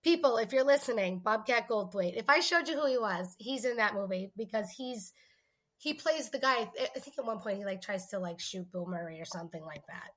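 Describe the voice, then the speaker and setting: A woman co-hosting a podcast in casual chat, talking fast and loosely, often slipping into quoted movie lines. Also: mid-range voice, lively intonation, fairly bright tone. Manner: chatty, quotes movie lines in put-on voices. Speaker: podcast co-host.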